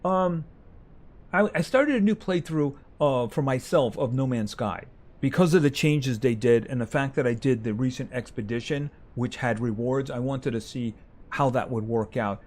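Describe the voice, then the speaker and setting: A man's voice: medium pitch, moderate pace, darkish tone. A man streaming a farming game live, chatting casually with his viewers as he plays. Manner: chatty, talks to game animals and reads chat aloud.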